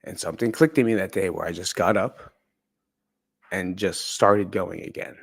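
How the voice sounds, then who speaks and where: A man's voice: sits low, moderate pace, vocal fry, slightly rough. A man candidly telling a personal story in a conversational, profane way. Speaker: podcast speaker.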